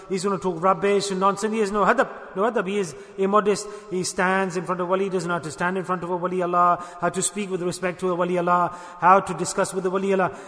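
High-voiced, bright preacher in a hall. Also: male voice. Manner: emphatic, repeats lines and asks the audience questions. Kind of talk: sermon. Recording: long hall reverb.

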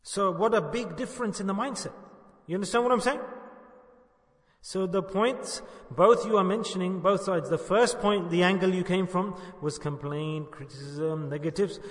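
A man's voice: sits high, normal speed. Man preaching in an echoey hall. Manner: earnest, storytelling, asks rhetorical questions. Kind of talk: sermon. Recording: echoey hall with long reverb.

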